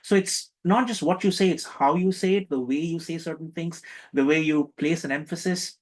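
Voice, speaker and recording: A man's voice: on the high side, moderate pace, poor audio. A man teaching a spiritual workshop, joking, stressing his points hard and getting the audience to join in. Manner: playful, joking, emphatic, engages the audience. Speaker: meditation workshop instructor. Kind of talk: interactive spiritual workshop talk.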